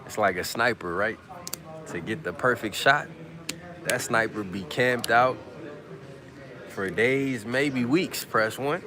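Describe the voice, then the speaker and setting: A man's voice: mid-range voice, slow pace, long pauses, a crowd in the background. A man hosting a casual livestream from a media room, chatting in slang and reading out viewer comments. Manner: laid-back slang, reads out viewer comments. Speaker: livestream host. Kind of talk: casual live chat with viewers. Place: press conference media room.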